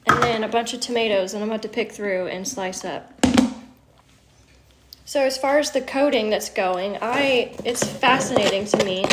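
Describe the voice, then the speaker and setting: In her home kitchen, a livestream host with a fairly high voice chats casually while she cooks, laughing a lot and sometimes swearing. She's teary from onions, and the background is noisy.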